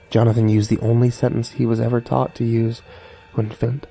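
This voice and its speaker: A man reading a horror story aloud in a measured, dramatic narration. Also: mid-range voice, flat delivery, mellow. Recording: faint music underneath.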